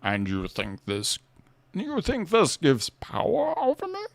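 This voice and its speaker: A menacing, hulking masked villain, as a man puts him on. He drags every word out slowly, and his voice climbs high, then dips in a sing-song sway. It sounds grand and theatrical. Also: huge pitch swings, creaky, full character voice. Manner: slow sing-song cadence swooping up and down.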